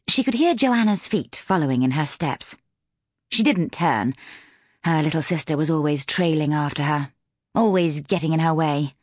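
A woman narrating an audiobook in a measured, expressive storytelling manner, close to a studio mic. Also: low-pitched, no echo.

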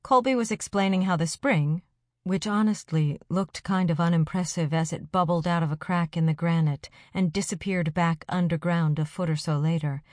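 A woman narrating a first-person audiobook in an even storytelling delivery. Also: fairly low pitch, moderate pace, no room sound. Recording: dry close studio sound.

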